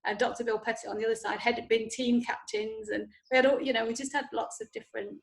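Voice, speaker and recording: Woman with a gravelly, upbeat voice. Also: a little high, fairly even intonation, fast. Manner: laughing, enthusiastic. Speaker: guest. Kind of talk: casual chat.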